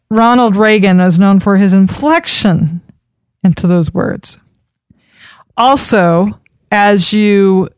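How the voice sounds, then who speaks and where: A woman giving an instructional talk on public speaking, expressive and demonstrating pitch changes as she teaches. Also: clean tone, dry recording, clean studio sound. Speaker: speaking coach.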